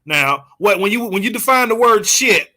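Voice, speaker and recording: A man talks in casual chat, telling a story with a lot of animation and laughing as he goes. His voice sits high and sounds bright and forceful, and he sometimes stops to hunt for a word. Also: normal speed. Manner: animated storyteller, laughs often, searches for words. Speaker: co-host.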